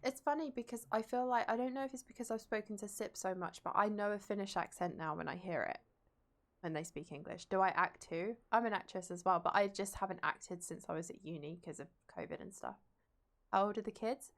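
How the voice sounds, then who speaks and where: A woman's voice: mid-range voice, brisk, a bit bright. A young woman streamer and drama teacher, rambling casually as she plays a game and reads chat aloud and answers it.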